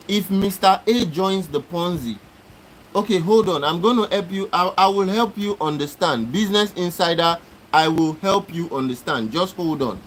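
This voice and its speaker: A man hosting a live stream, talking back to his chat and repeating himself as he lectures and argues. His voice sits fairly high for a man, with a faint hiss of background noise. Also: a bit bright, rough recording. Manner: argumentative, repetitive, exasperated lecturing. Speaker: livestream host. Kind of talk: live-stream talk answering chat comments.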